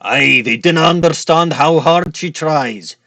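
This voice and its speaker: A man's voice: a little high, takes it slowly, bright, forceful tone, dry recording, full character voice. A man doing a put-on Scottish accent, playing a hot-tempered, boozy Scotsman with tarot magic, rolling his words and dropping in "laddie" and "aye". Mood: indignant. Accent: put-on Scottish accent, admittedly poor. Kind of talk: let's-play character voice.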